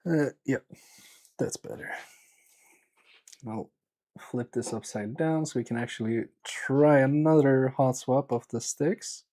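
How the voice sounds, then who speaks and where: A man's voice: mid-range voice, fairly even intonation, slow pace, pauses often, warm tone, low-quality recording. A man from Sweden chatting casually with his live chat while repairing electronics, often muttering to himself as he works.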